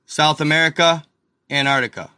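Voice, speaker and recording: A man's voice: a little high, moderate pace, bright, forceful tone, clear, resonant tone, no room sound, studio quality. A man hosting a casual screen-share video, talking straight to his viewers with restarts and frustrated asides. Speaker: video host.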